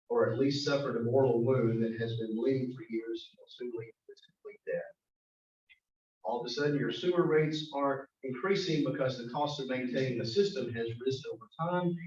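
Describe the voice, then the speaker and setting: A man's voice: medium pitch, darkish tone. A man giving a prepared, earnest speech to a club meeting. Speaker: guest speaker. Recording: echoey, distant, dull room recording.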